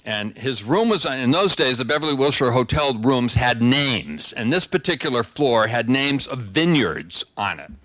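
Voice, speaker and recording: A man's voice: mid-range voice, big pitch swings, moderate pace, few pauses, a bit bright, no echo, clean studio sound. An older man telling stories as a guest speaker, chatty and conversational, often restarting his sentences. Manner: conversational storyteller, frequent restarts. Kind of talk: anecdotal talk.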